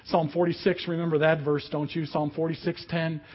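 Pastor, male, husky higher voice, sermon with vivid storytelling, dull lo-fi audio. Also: moderate pace. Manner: animated storytelling, acts out quotes.

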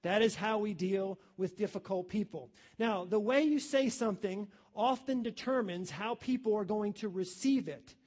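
A man's voice: high voice, normal speed, few pauses, a little mellow. A man preaching a sermon, emphatic and repeating his key phrases, calling listeners his friends.

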